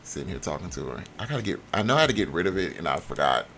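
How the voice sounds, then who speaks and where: A man's voice: low-pitched, very animated, rapid-fire, fairly bright tone, soft background music. Chatty playful male streamer. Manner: chatty, playful, talks to chat. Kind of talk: casual game commentary.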